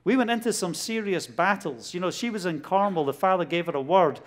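Man, Glasgow Scottish accent, middle-aged, slightly high voice, animated storyteller, preaching testimony. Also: brisk, few pauses. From Scotland. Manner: animated storytelling, laughs often, acts out dialogue. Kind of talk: testimony sermon.

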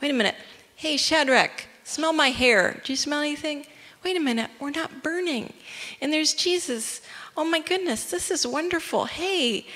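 A woman's voice: high-pitched, a bit bright, voice pushed up. A woman doing a playful, amazed man in a furnace. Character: cheerful young man unharmed in a fiery furnace. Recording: long hall reverb.

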